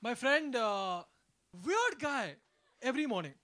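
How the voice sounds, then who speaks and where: A man performing a stand-up comedy set, acting out characters in an animated way. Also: very high voice, a little fast. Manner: animated, acts out characters, mixes in Hindi phrases. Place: comedy club stage. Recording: loud crowd and noisy club.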